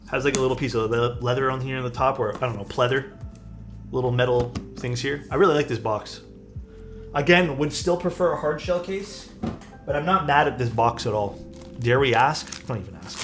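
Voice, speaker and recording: A man casually chatting as a live streamer while building a keyboard, rambling and relaxed, often saying "dude". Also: medium pitch. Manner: laid-back, rambling, peppered with "dude" and "like".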